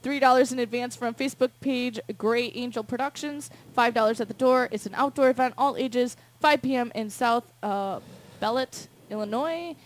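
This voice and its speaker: A young woman hosting a radio show reads out upcoming concerts in a fairly high voice. She fumbles band names, laughs at herself, and keeps going in relaxed, chatty talk. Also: normal speed, hardly any pauses, dry recording. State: out of breath. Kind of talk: casual radio chat reading event listings.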